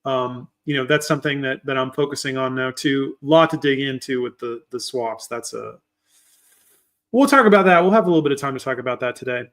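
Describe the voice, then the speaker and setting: A man's voice: mid-range voice, brisk, a bit bright. A young man from Maryland hosting a casual livestream, greeting viewers by name and talking loosely with lots of fillers. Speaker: livestream host.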